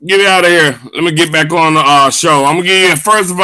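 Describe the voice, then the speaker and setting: Hyped bright-voiced male sports host. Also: a little high, moderate pace, no echo. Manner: loud, hyped, shouting and drawn out. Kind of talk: excited live sports show chat.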